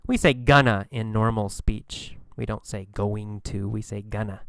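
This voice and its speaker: A man teaching English vocabulary, explaining slang slowly and patiently, repeating words and examples and acting out lines with sudden bursts of energy. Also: on the low side, creaky, a bit bright, no room sound. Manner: acts out lines and engine sounds with bursts of volume.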